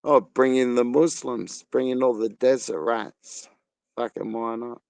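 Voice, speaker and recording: A man's voice: mid-range voice, steady tone, measured pace, creaky, a little mellow, no echo. A man with an Australian accent hosting a casual live chat, crude and rambling, laughing often. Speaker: live stream host.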